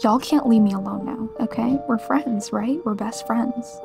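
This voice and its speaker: A woman's voice: a little high, unhurried, gravelly, music in the background. A 21-year-old woman from Massachusetts, a streamer answering viewer questions in a casual vlog, chatty and playfully self-mocking. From Massachusetts, USA.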